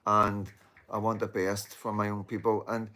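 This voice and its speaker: He has a lowish, sharp-toned voice and a flat delivery at moderate speed. A host from Northern Ireland, he rambles to viewers from home, cursing and repeating "you know what I mean," while his dogs are in the background.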